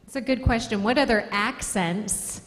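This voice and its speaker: A woman's voice: a little high, normal speed. Upbeat school host woman. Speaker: school staff hosting assembly. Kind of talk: addressing students. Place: school auditorium. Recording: long hall reverb.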